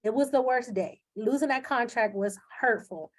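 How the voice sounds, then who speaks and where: A woman with a fairly high voice talks at normal speed as a live video host into her computer's webcam. She comes across as candid, earnest, and emotional, filling her speech with many fillers.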